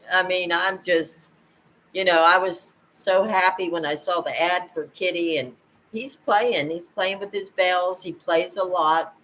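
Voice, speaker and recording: An older woman talking casually to camera at home, rambling and halting, with frequent laughs. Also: on the low side, fairly even intonation, a bit bright, a little hiss or hum, rough recording. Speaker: vlogger. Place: at home, indoors.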